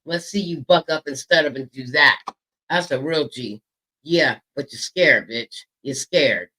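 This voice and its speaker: A man's voice: fairly high pitch, unhurried, sharp tone, rough recording. A man hosting an online drama show, taunting and insulting a rival with constant profanity. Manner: profane taunting, stretching words for emphasis. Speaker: show host. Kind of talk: heated drama commentary.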